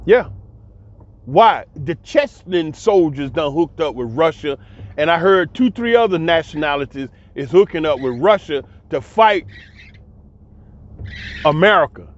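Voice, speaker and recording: A man's voice: fairly high pitch, lively intonation, a little slow, long pauses, dull audio. A man giving a casual spoken commentary, blunt and emphatic, repeating himself and swearing freely. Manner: emphatic, repetitive, blunt and profane. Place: abroad.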